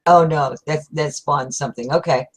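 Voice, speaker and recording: A woman's voice: deep voice, normal speed, slightly rough. A woman hosting a casual chat, enthusiastic and exclamatory. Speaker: host.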